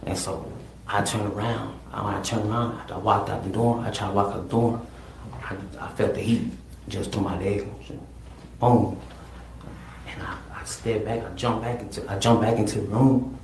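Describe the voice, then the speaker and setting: A man giving halting courtroom testimony, repeating words and often saying "man". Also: on the low side, fairly even intonation, creaky, darkish tone. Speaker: defendant testifying. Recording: echoey courtroom with noise.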